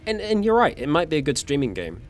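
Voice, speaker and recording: A man's voice: on the high side, huge pitch swings, fast, soft background music. A young man, chatting casually on a livestream and answering viewer questions, a little tired. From New Zealand. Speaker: streamer.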